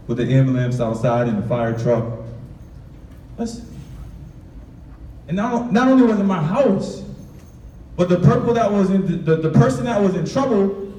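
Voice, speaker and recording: Young man, higher voice, candid storyteller, far from the mic, echoey hall. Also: big pitch swings, moderate pace, long pauses, dark tone, a little hiss or hum. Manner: candid, street-inflected storytelling with acted-out quotes. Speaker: author speaking to students. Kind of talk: motivational storytelling talk.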